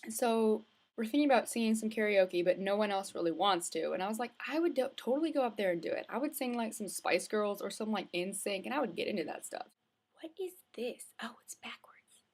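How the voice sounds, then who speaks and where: A woman's voice: mid-range voice, lively intonation, fast. A young woman vlogging from home, telling a casual, rambling story full of likes and restarts. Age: young adult. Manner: chatty, rambling, with many filler likes and restarts. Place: indoors at home, with hood up.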